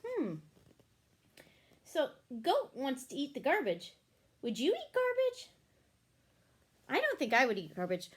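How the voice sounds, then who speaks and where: Woman storyteller, picture-book read-aloud for children, animated and high. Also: unhurried, long pauses. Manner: animated, asks the listeners questions.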